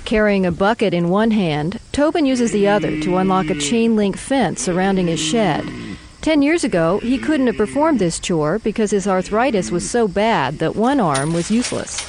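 A woman reporter reading a scripted news report in a measured, even way. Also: medium pitch.

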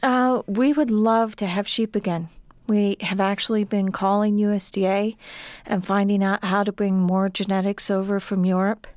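A woman's voice: medium pitch, flat delivery, normal speed, darkish tone, dry recording. A middle-aged woman, an author and sheep farmer, speaking earnestly as an interview guest. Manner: earnest, repeats words when upset.

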